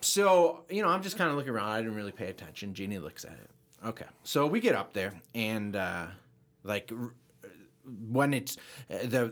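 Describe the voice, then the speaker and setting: A middle-aged man on a podcast telling a funny story in casual chat, his voice jumping high when he quotes himself. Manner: animated, voice jumps high when quoting himself. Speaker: podcast co-host.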